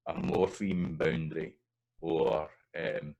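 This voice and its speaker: This language teacher from Scotland speaks slowly in a rumbling low, steady, darkish voice while walking through pronunciation slides. He repeats vowel examples and drifts into loose, hesitant asides, and the audio sounds dull.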